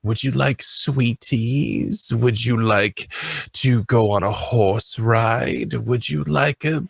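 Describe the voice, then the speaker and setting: A man voicing a scheming noblewoman who talks in a slow, doting, honeyed way. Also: medium pitch, vocal fry, slightly rough, no room sound, full character voice. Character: scheming, sugary-sweet noblewoman ruler. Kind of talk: tabletop role-play voicing.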